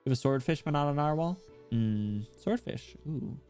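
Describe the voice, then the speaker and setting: A man chatting casually with his stream viewers, playful and quick to laugh, with soft music behind. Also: a little high, expressive.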